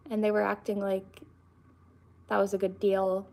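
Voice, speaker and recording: A woman's voice: mid-range voice, completely flat delivery, moderate pace, vocal fry, mellow. A young woman, chatting casually with her stream viewers in a rambling way, full of fillers and restarts. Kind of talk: casual live-stream chat.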